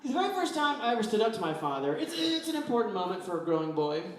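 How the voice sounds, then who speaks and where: Animated man telling stand-up stories, echoey. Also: sits high, quick pace, a crowd in the background. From West Virginia. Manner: rambling, animated storytelling with acted-out voices. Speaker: stand-up comedian. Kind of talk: stand-up comedy set. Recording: echoey room, voice from far off.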